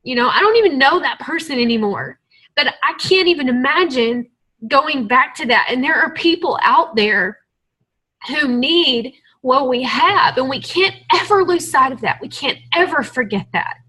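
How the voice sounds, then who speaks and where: A woman's voice: high voice, lively intonation, moderate pace, sharp tone, slightly rough, rough recording. A woman leading a team call, giving an earnest, emotional motivational talk to her group. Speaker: team leader on a coaching call.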